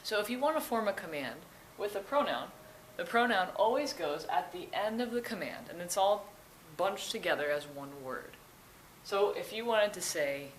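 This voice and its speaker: A young woman teaching grammar, explaining the rules patiently, step by step. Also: fairly low pitch. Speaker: Spanish teacher. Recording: echoey room, faint noise.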